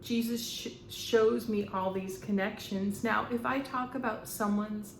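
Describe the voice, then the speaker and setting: A woman in her fifties, a medium, talking in a rambling, halting way with frequent fillers and laughter. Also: mid-range voice, steady tone, creaky. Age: 50s. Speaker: spiritual medium. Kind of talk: casual channeling monologue. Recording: echoey room with faint background noise.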